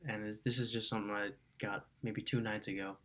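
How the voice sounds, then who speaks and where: Relaxed man sharing a testimonial. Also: on the low side, brisk. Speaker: coaching client. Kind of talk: casual testimonial.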